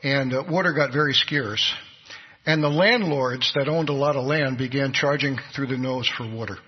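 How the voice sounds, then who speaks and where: A man's voice: mid-range voice, normal speed, breathy edge. A man preaching a sermon, telling a story with earnest delivery and acting out the people in it. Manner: earnest storytelling, voices the people in his stories. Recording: dull recording with long hall reverb.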